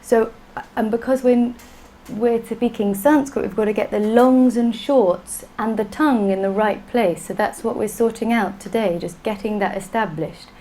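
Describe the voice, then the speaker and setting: A woman's voice: a little high, fairly even intonation, normal speed, few pauses, warm tone, low-quality recording. A woman teaching a class, patient and playful, often laughing. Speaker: Sanskrit teacher. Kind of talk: classroom lesson.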